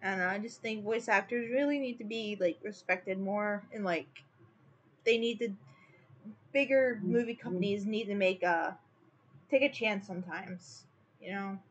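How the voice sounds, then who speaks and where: A woman's voice: medium pitch, normal speed, slight background noise. A woman artist chatting casually while streaming her drawing, rambling and opinionated, full of "like" and "you know". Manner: rambling and opinionated, heavy use of "like". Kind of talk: casual livestream chat.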